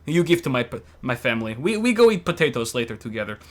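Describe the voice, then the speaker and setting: A man's voice: mid-range voice, sing-song, quick pace, close to an everyday voice. A man doing a joking Russian-accented impression of a grateful man, speaking in broken English. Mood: jokey. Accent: put-on Russian.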